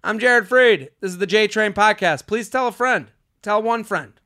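A man in his thirties hosting a podcast, telling stories in casual comedic chat, animated and full of filler likes. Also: high voice, normal speed. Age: 30s. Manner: animated storyteller, many likes. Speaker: podcast host.

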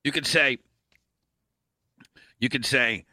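A man's voice: medium pitch, moderate pace, sharp tone, no echo. A man hosting a radio show, coaching a co-host through a promo read with fussy corrections and frequent swearing. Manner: bossy, fussy, swears freely. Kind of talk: casual studio banter, coaching a read.

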